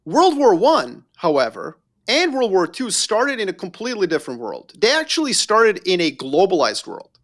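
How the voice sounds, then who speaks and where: Lively, animated man from Yugoslavia. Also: sits high, normal speed. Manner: animated, emphatic storyteller who addresses the listener directly. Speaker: podcast guest. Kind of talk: casual conversation.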